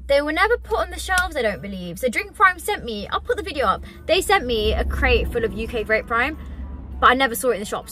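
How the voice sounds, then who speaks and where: A chatty young woman vlogging casually to her viewers, a bit out of breath from walking between shops. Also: fairly high pitch. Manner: chatty and excitable, addressing viewers as guys. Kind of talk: casual vlog to camera.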